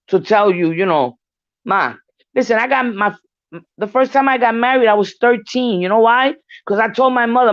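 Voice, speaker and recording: A woman's voice: on the high side, no echo. Frank, storytelling older New woman. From New York. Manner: frank storytelling, swears freely. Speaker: guest speaker. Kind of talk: casual discussion. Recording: muffled lo-fi dry recording.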